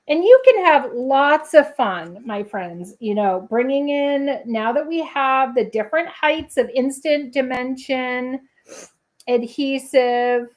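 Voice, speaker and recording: A woman hosting a casual crafting livestream, chatting to viewers with playful asides and humming little scat tunes while she works. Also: on the high side. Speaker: papercrafting livestream host.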